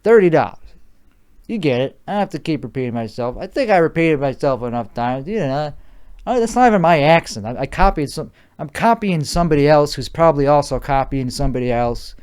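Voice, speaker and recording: A man's voice: fairly high pitch, expressive, brisk, darkish tone, clean tone. A man with a put-on Chicago accent, overtired and sleep-deprived, hosting a rambling solo podcast monologue, profane and argumentative, repeating himself. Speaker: podcast host.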